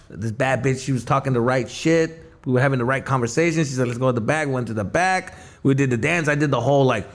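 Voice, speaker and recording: A man, a podcast guest telling loud, profane stories and laughing in casual chat. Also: mid-range voice, fast talker, hardly any pauses, a little hiss or hum. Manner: loud, profane storytelling with shouted acted-out bits and laughter.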